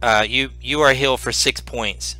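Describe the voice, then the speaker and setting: A man narrating as game master in a tabletop game, halting with many fillers. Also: mid-range voice, fairly even intonation, bright, forceful tone, no room sound.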